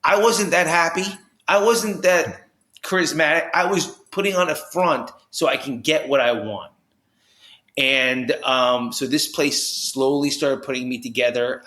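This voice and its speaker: A man from New Jersey, a podcast guest, telling his story with high energy, lots of restarts and "you know"s. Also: a little slow, bright, forceful tone. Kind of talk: animated storytelling in conversation. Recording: roomy echo.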